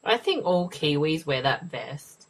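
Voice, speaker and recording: A woman co-hosting a podcast, chatting casually over a movie, blunt and quick to swear and laugh. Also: deep voice, sing-song, slightly rough. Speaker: podcast co-host. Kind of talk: casual movie commentary chat.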